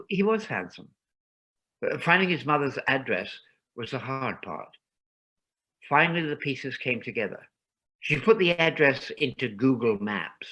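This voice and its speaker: A man reading a ghost story aloud in a calm, measured narration. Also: medium pitch, rough recording.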